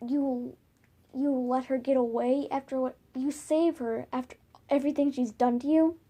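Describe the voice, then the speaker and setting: A woman's voice: sits high, steady tone, normal speed, dark tone. A woman voicing a cold, scheming male warrior cat in a told-aloud fan story, barely changing her own voice. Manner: plainly retold dialogue.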